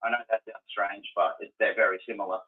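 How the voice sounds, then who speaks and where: A man from New Zealand, talking in a measured, matter-of-fact way in a casual group chat. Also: fairly low pitch, flat delivery. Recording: tinny phone-like call audio.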